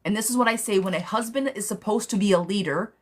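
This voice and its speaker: A woman's voice: medium pitch, fast talker. A woman giving a live-streamed tarot reading, blunt and direct, talking casually with some swearing and calling the viewer "girl". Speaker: tarot reader.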